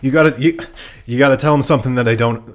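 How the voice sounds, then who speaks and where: A young man co-hosting a casual comedy podcast, bantering in a jokey, animated way. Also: medium pitch, racing. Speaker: podcast co-host.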